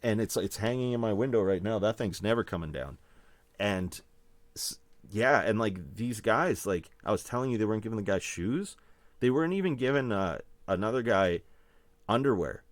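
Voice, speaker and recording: A man's voice: fairly low pitch, animated, normal speed, dry recording. A man from Manitoba, Canada, a guest musician telling rambling stories in casual chat, laughing often.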